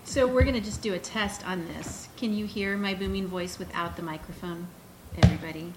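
A woman's voice: on the low side, steady tone, brisk. A woman moderating a live panel discussion in an upbeat, chatty way, asking the audience questions. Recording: live room with background noise.

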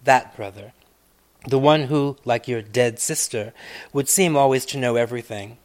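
Male author reading his own essay: mid-pitched, reflective, rising loud on key phrases and sinking to near-hush. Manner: measured, reflective, long winding sentences with many asides; swells loud on key phrases, then drops to near-hushed tones. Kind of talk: literary reading.

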